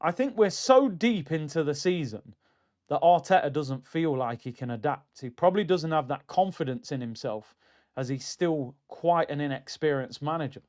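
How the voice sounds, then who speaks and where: A man hosting a casual football livestream, talking in an animated, chatty way and answering comments from his chat. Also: a little high, normal speed. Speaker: football streamer.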